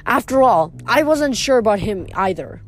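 A woman reading a novel aloud in first person, steady, with the odd stumble over a word. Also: fairly high pitch, moderate pace. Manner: steady first-person storytelling with small slips. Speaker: reader.

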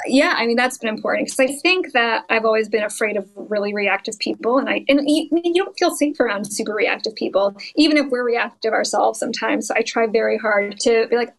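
A woman's voice: fairly high pitch, fairly quick, vocal fry, few pauses, low-quality recording. A woman speaking as a podcast guest in candid, chatty conversation. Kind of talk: casual conversational interview.

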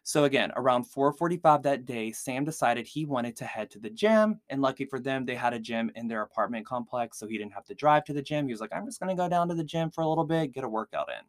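Male podcast host, mid pitch, casual filler-heavy storytelling, dry recording. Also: animated, fast talker, few pauses, dry recording. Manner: chatty, heavy use of "like" fillers. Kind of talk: casual true-crime storytelling.

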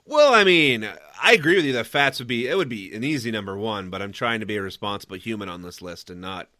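A man's voice: fairly low pitch, expressive, quick pace, pushed and bright, no room sound, clean studio sound. A young married man co-hosting a podcast, chatting casually, laughing often and stumbling over his words. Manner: laughs often, stammers and restarts. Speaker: podcast co-host. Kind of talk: casual chat.

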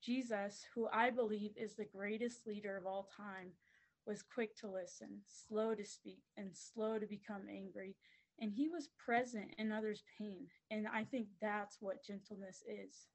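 A woman's voice: medium pitch, steady tone, unhurried, poor audio. A woman who coaches basketball, giving an earnest faith-based motivational talk and repeating phrases for rhythm. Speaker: basketball coach and guest speaker.

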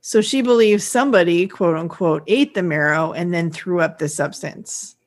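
A woman's voice: lowish voice, normal speed. Woman recapping an episode, chatty. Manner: retells scenes with acted-out quotes, laughs often. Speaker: podcast co-host. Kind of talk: casual episode recap chat.

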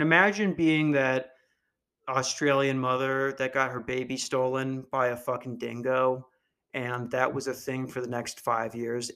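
Man, young adult, podcast host, dry deadpan delivery, dark comic rant. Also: medium pitch. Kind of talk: dark comedy podcast monologue.

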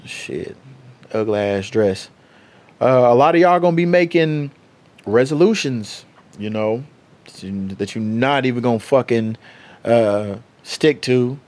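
A young man, hosting his own podcast and telling a story in a loose, profane, animated way. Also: medium pitch, measured pace. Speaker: podcast host. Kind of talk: casual solo podcast storytelling.

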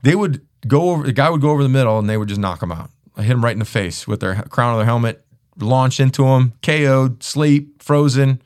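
A man in casual sports chat with an animated delivery. His voice sits at a middle pitch and jumps up whenever he mimics someone, and he strings his stories together with plenty of restarts. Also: brisk.

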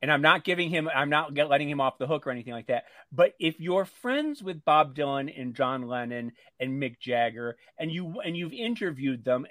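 A man's voice: a little high, fairly bright tone, no echo. Firm man with a dry, close sound. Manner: firm, interjecting, correcting others. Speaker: co-host. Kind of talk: casual chat.

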